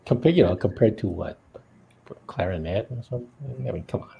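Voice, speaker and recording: A man's voice: on the low side, animated, fairly quick, creaky, lo-fi sound, slight background noise. A man chatting casually, asking curious questions and joking with his co-hosts. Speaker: livestream co-host. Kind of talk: casual chat.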